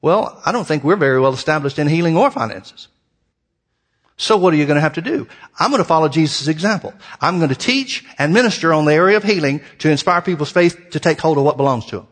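A man preaching a sermon in a folksy, animated way, full of rhetorical questions. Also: fairly high pitch, quick pace.

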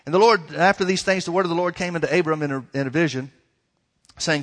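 A man's voice: fairly high pitch, quick pace, fairly bright tone. A male pastor preaching a sermon, emphatic and folksy, stretching key words and speaking straight to the congregation. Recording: long reverb of a large hall.

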